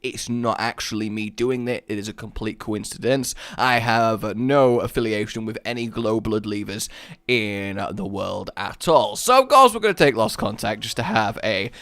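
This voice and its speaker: A gaming YouTuber gives casual let's-play commentary, rambling and poking fun at himself while breaking into excited yelps. His voice is lowish, his speed normal, and there's no room sound.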